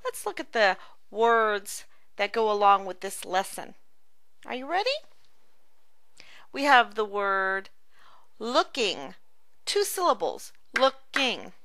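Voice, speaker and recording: A woman teaching phonics in an online reading lesson, slowly sounding out and repeating words one by one. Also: medium pitch, big pitch swings, fairly bright tone, no room sound. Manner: slow, careful, drawn-out word-by-word teaching.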